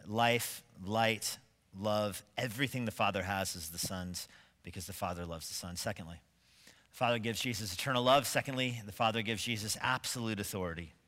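Emphatic pastor with a bright voice. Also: male voice, fairly low pitch, moderate pace, long reverb tail. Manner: emphatic, building to forceful stresses; asks rhetorical questions of the congregation. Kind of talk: sermon. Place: church sanctuary.

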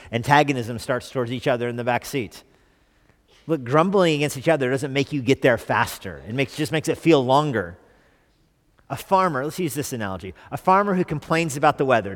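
Man preaching a conversational sermon in a reverberant church. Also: medium pitch. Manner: conversational, asks the congregation questions. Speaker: pastor.

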